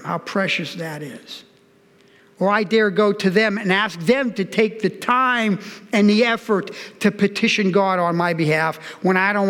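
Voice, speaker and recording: A man's voice: high-pitched, a bit bright, long reverb tail. A man in his sixties preaching a sermon, earnest and personal, telling his own story and speaking directly to the congregation. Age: 60s. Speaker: pastor.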